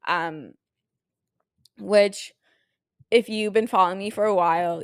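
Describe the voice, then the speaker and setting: A woman's voice: mid-range voice, steady tone, slow, clear, resonant tone, dry recording. A young woman from Canada hosting a casual solo podcast, emotional and close to tears, gushing with lots of "like" and "um". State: teary, near crying. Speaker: podcast host.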